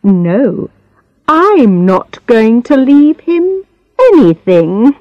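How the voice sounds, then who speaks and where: Woman doing a whiny, sharp-tongued sick old lady. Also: on the high side, sing-song, very slow, no echo, highs cut off, pitched above the performer's own voice, full character voice. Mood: sly. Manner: whiny, scornful, petulant. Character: sickly, sharp-tongued older rich woman, complaining.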